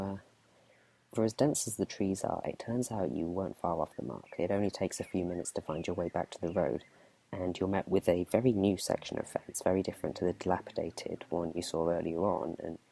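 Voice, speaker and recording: A man running a tabletop game as game master, narrating in a relaxed, chatty whispered role-play. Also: sits low, fairly quick, vocal fry, a little hiss or hum.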